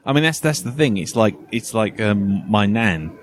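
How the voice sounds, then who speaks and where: Rambling man, lowish voice. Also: lively intonation, moderate pace, no echo. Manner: rambling, laughs often, lots of "you know". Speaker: podcast host. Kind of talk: casual chat.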